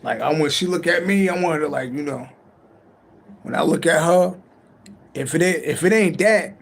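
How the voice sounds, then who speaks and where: Here the late-night livestream tarot reader sounds high-ish and creaky, keeping a moderate pace. Speaking into his stream mic, he wanders from point to point, joking and swearing freely.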